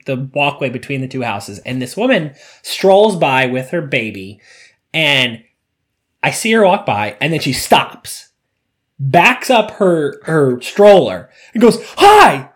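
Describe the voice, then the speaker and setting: Podcast co-host, male, lively storyteller with a swooping, expressive voice. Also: a little high, measured pace. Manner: animated storyteller, acts out voices. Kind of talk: casual chat.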